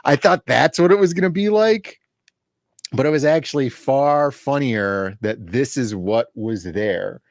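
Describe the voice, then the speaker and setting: A man in loose stream banter who talks in rambling asides full of fillers. His voice sits at an ordinary pitch. The recording is close and dry. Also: measured pace, no echo. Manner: rambling, filler-heavy, wry. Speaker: co-host. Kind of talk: casual live-stream chat.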